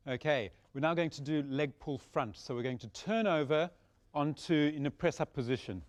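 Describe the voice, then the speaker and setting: Male Pilates instructor with a fairly high voice, calm breath-by-breath cueing, encouraging. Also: moderate pace. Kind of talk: guided exercise instruction.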